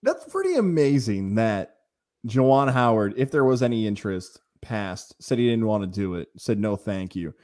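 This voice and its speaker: A man's voice: fairly low pitch, big pitch swings, moderate pace, warm tone. A man co-hosting a sports talk show, chiming in casually and riffing with his partner.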